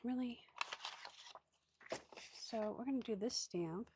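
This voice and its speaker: Seated at a craft table indoors, a woman with the hiccups chats through a relaxed crafting video, teasing herself and murmuring quietly while she works. Her pitch is fairly high and her pace slow, and the recording is very noisy.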